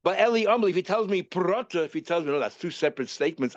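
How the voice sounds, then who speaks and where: A man teaching a Talmud lesson, reasoning aloud in a lively way and repeating terms as he works through the logic. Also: high voice, quick pace, hardly any pauses, no echo, muffled recording.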